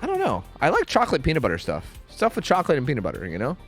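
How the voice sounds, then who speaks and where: Rambling young streamer man, lively pitch. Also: racing, breathy edge, soft background music. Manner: rambling, stumbles and repeats words, answers chat. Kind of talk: casual gaming stream chat.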